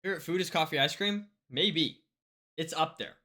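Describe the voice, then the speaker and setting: Bright-voiced animated streamer woman. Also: low-pitched, moderate pace. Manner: animated, reads chat aloud, big swings between hyped and mumbly. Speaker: livestreamer. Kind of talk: casual live-stream chat with viewers.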